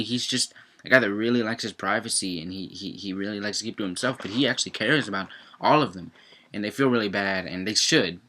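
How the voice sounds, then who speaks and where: Bright-voiced young man rambling casually. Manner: rambling, heavy on fillers, swings into excited high-pitched outbursts. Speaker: cartoon episode reviewer. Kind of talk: casual chat.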